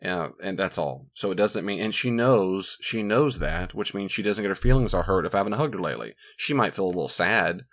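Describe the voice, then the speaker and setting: A man speaking as a marriage counselor in a casual teaching talk, animated and acting out voices of the people he quotes. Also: low voice, fairly quick, few pauses.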